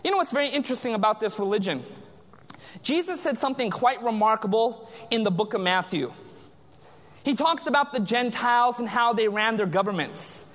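A man's voice: very high-pitched, expressive, a little fast, fairly bright tone. A man preaching a sermon as pastor, quizzing the congregation with call-and-response questions. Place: large church sanctuary. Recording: long church reverb.

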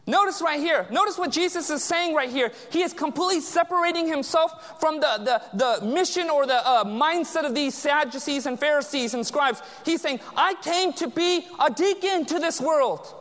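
A man's voice: very high-pitched, normal speed, hardly any pauses, fairly bright tone. A man preaching a sermon as pastor, quizzing the congregation with call-and-response questions. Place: large church sanctuary. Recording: long church reverb.

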